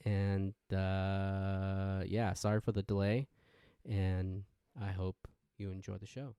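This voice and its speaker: A man hosting a podcast, rambling through a casual intro rant and jumping into sudden excitement. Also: low-pitched, takes it slowly, clean tone, no room sound. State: wired on energy drink. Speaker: podcast host.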